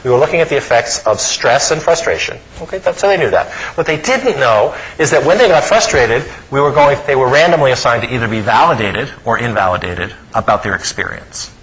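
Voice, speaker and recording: A middle-aged man giving a psychology lecture in an animated way, often pausing to ask his listeners "okay?". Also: mid-range voice, low-quality recording. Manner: animated, frequent "okay?" check-ins.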